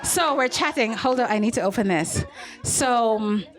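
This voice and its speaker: A woman comedian, telling a stand-up story on a club stage with animated put-on voices. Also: fairly high pitch, moderate pace, soft background music, a faint crowd.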